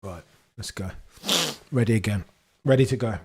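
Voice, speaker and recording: A man with a fairly low, slightly breathy voice speaks at a moderate pace as he hosts a live stream before a race. His nose is stuffy because he's recovering from being sick. He reads the chat aloud and banters casually, with occasional bursts of excitement.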